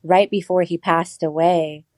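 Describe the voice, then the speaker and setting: A woman's voice: lowish voice, fairly even intonation, measured pace, a little mellow, dry recording. A woman guest telling a personal story in casual interview talk, acting out the voices she quotes.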